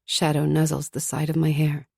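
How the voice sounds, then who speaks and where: A woman's voice: deep voice, completely flat delivery, moderate pace, vocal fry, warm tone, slightly rough, dry recording, clean studio sound. A woman narrating a fantasy audiobook in the first person, tense and urgent. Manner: tense, urgent inner monologue.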